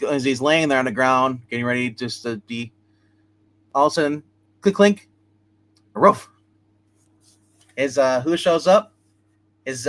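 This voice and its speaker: On a casual live stream, a comic book reviewer with a middle-pitched male voice recaps a comic's plot with real animation. He keeps drifting into the characters' lines as he narrates, and there's no room sound at all.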